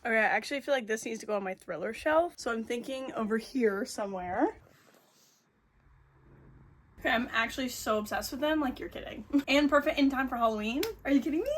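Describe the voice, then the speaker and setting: A young woman, chatting on a home book vlog in a gushing, excitable way, gasping and squealing. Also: high-pitched, far from the mic, a little hiss or hum. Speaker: book vlogger. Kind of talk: casual vlog chat.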